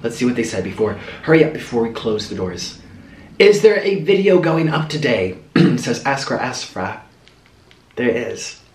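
A young man vlogging a mukbang, telling rambling stories in a chatty, animated way while he eats. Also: medium pitch, normal speed, far from the mic, slight background noise. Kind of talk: casual storytelling while eating. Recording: roomy echo, a bit off-mic.

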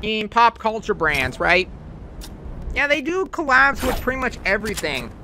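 A man's voice: high-pitched, very animated, normal speed. Joking man streaming a game. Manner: joking, rambling, breaks into playful shouting. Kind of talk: casual gameplay commentary. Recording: loud game noise behind. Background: loud game sounds.

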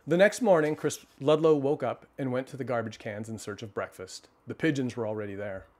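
Expressive male storyteller, mid-pitched. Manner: expressive reading, then relaxed halting chat. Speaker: storyteller host. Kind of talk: children's storybook reading on a livestream.

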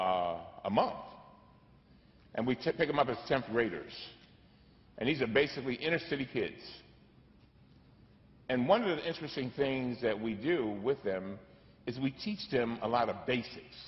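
A man giving a keynote speech, with a preacher-like cadence and emphatic repetition. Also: mid-range voice. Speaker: keynote speaker. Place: large conference hall. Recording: echoey hall, dull lo-fi sound.

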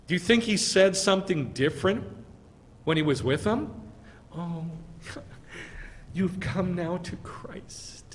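A male rabbi preaching a sermon with emphatic delivery and rhetorical questions to his congregation. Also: sits high.

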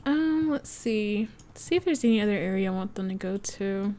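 A woman hosting a let's play, chatting excitedly through her gameplay and laughing often. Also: mid-range voice, normal speed. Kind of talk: casual gameplay commentary.

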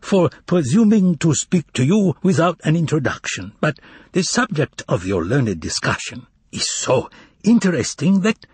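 A man puts on a courteous, eccentric foreign gentleman for a storybook reading, his words lifted higher and stretched out slowly with a husky edge. The stranger savors every polite phrase in a foreign accent, recorded dry and close. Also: sing-song, dry recording, full character voice. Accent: foreign accent, put on. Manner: slow, drawn-out, overly polite exclamations. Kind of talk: audiobook character reading.

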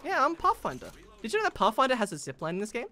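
Excitable Australian man streaming a game. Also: sits high, very fast, a little hiss or hum. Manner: excitable, loud and playful, often shouting mid-game. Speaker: gaming streamer. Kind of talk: casual gameplay chat.

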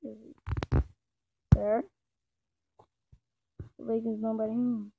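A woman's voice: fairly high pitch, fairly even intonation, a little slow, gravelly. A woman voicing an easygoing married man buying a car in a game role-play. He rambles and talks to himself. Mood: chatty. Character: easygoing male car buyer with a wife. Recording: muffled and noisy, with background clicks.

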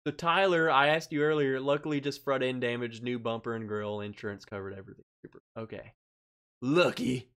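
A man hosts a casual livestream, reading comments from the chat, laughing often and sounding stressed. His mid-range voice is smooth and fairly bright, with fairly even intonation and a fairly quick delivery.

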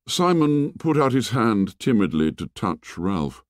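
A man narrating a novel as an audiobook, reading dramatically and sinking low and soft on grim lines. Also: sing-song, measured pace, no room sound, studio quality.

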